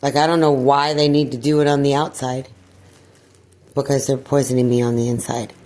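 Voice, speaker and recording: A woman talking in a personal vlog monologue, weary and distressed, sighing and clearing her throat. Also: extremely low pitch, level tone, a little fast, darkish tone. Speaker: video blogger.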